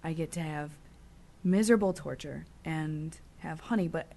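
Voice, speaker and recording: A woman's voice: sits low, normal speed, creaky, dark tone. A young woman co-hosting a casual chat show, her voice scratchy from a sore throat, bubbly and giggly. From upstate New York. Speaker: co-host.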